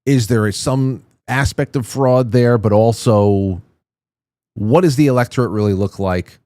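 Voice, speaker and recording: A man's voice: mid-range voice, a little slow, mellow, no room sound, clean studio sound. A man hosting a political commentary show, ranting with indignant, profane outrage. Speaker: show host.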